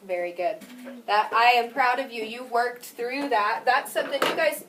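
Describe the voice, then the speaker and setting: A woman teacher with a high voice quizzes her class patiently, working through each step. She sounds distant from the camera mic, and the classroom recording carries a clear layer of noise. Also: normal speed, a bit bright. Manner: patient, questioning, drills students step by step. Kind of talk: classroom phonics lesson.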